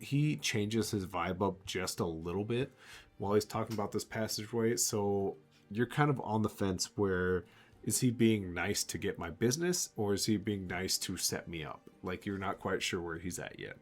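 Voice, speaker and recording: A man narrating a tabletop game as game master, lively and slipping into character voices. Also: lowish voice, normal speed. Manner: animated, jumps into character voices.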